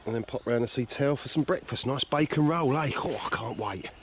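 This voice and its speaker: A man's voice: mid-range voice, a little fast, slight background noise. A man chatting casually and joking about himself while carp fishing outdoors, filming on a handheld camcorder. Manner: chatty, jokey, self-mocking. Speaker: carp angler vlogger. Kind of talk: casual outdoor vlog chat. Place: outdoors by a lake.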